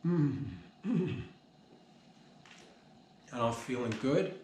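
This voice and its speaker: A man's voice: mid-range voice, expressive, very slow, darkish tone. A man hosting a comedy podcast, rambling in a mock-serious, slangy way. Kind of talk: rambling deadpan comedy monologue. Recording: roomy echo with faint noise.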